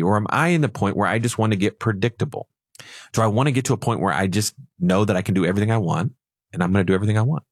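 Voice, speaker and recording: Husky-voiced male finance show co-host. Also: fairly low pitch, rapid-fire, no room sound, clean studio sound. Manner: storytelling, acts out voices playfully. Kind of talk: radio show banter.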